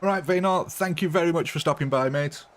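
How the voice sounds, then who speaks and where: A man's voice: fairly high pitch, brisk. Chatty man live-streaming. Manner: chatty, laughs often, rambling with fillers. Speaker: livestreamer chatting with viewers. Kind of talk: casual live-stream chat.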